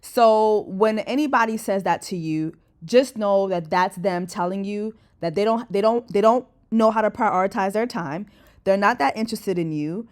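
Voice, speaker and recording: A woman's voice: medium pitch, normal speed, reverberant. A woman, telling a dating story in a vlog in a blunt, sassy way and reading texts aloud.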